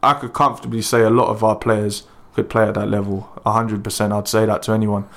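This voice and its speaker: A man's voice: on the low side, fast talker. A man in his twenties, a football club organiser, chatting modestly and casually with lots of fillers. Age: 20s. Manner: relaxed, filler-heavy, modest. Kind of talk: casual interview chat.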